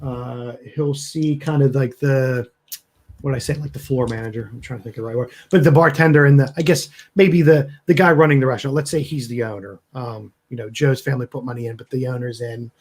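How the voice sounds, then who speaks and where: A man's voice: mid-range voice, a little fast, darkish tone. A man narrating as game master, casual and stopping often to search for words.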